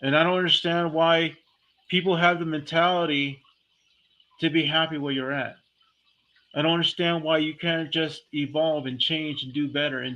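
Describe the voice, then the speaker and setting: A man's voice: on the high side, little pitch movement, normal speed, pushed and bright. A man delivering a heated, blunt, profane monologue as a vlogger, talking casually and speaking his mind. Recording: dull lo-fi recording.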